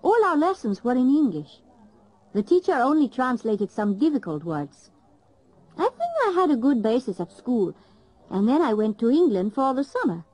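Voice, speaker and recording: A woman speaks in a clear, measured way. Her pitch is fairly high, and her intonation is lively. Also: poor audio. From Italy. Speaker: language learner. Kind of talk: scripted monologue.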